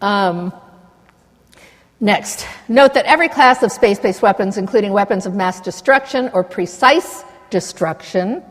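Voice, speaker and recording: Older woman, passionate conference speaker, rambling and indignant, mid pitch, long hall reverb. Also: unhurried. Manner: passionate, digressive, indignant asides. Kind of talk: impassioned conference lecture.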